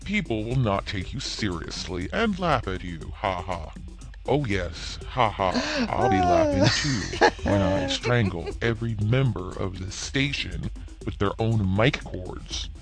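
Man as a grouchy sarcastic rogue, deep voice, slow drawl, faint music behind. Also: huge pitch swings, heavily acted. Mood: indignant. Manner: gruff, sarcastic, threatening. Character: grumpy, sardonic male rogue character. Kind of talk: comedic podcast sketch.

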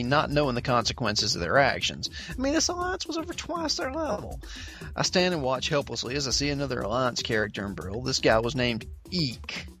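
A man's voice: medium pitch, a bit bright. A man hosting a casual gaming podcast, reading a listener's story aloud and then chatting with laughing asides. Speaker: podcast host.

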